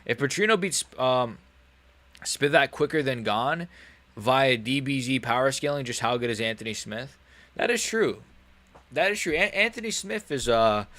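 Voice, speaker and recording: A man's voice: mid-range voice, a bit bright. A man hosting a live stream, reacting to fights in a rambling, joking way full of slang.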